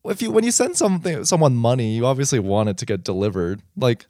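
Podcast guy, pitch jumps all over, dry close mic. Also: animated, quick pace, dark tone, dry recording. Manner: supportive listener, reacts with big exclamations. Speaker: podcast co-host. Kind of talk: casual podcast chat.

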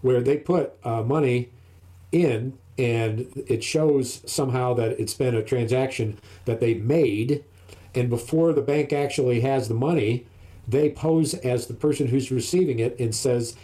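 A man's voice: medium pitch, measured pace, dark tone. An older man chatting casually, telling a long rambling story and acting out what others said. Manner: rambling storyteller who acts out other voices. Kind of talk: casual chat.

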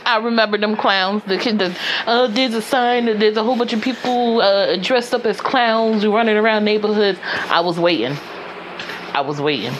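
A woman chatting casually, animated and indignant, swearing freely. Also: mid-range voice, normal speed, a little hiss or hum. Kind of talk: casual chat.

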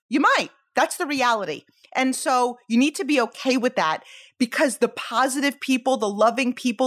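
A woman's voice: high voice, fairly bright tone. A woman in her forties hosting a motivational podcast, speaking energetically with lots of rhetorical questions and check-ins like "okay?" and "right?". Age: 40s. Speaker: podcast host.

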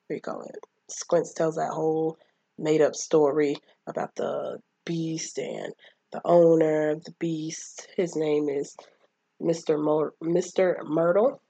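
A woman's voice: sits low, dark tone, husky, no room sound. A woman casually recapping a film, rambling and acting out the characters' lines. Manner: rambling, acts out quotes of characters. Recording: dull lo-fi mic.

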